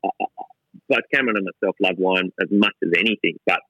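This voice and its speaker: Aussie bloke cracking jokes at his own expense, lowish sharp voice, dry lo-fi sound. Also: fast talker, dry recording. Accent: Australian. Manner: irreverent, self-mocking, frequent restarts. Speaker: gin company co-founder, guest. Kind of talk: casual interview chat. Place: gin distillery lab.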